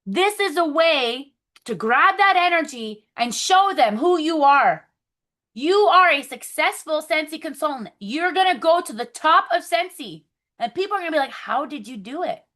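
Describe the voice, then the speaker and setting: A woman leading a motivational video call for her sales team, upbeat and coaching, breaking into excited affirmations. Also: high-pitched, normal speed. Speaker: team leader.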